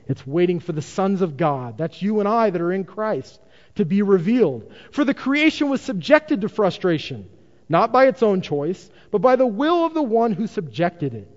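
Lively high-voiced preaching man. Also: normal speed. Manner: emphatic preaching with rhetorical questions. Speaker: pastor. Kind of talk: sermon. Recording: dull lo-fi recording in a reverberant hall.

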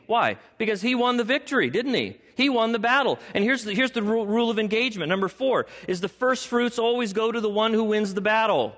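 A man's voice: animated, a little fast, a bit bright. Man preaching in an echoing hall. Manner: dramatic, acts out voices of biblical figures with rising pitch. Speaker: pastor. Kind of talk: sermon. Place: church sanctuary. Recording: long reverb of a large hall.

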